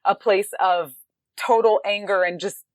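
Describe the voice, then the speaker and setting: A woman's voice: medium pitch, steady tone, measured pace, no echo. A woman podcast host asking questions in a loose, rambling way, full of "like" and "you know". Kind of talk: casual interview chat.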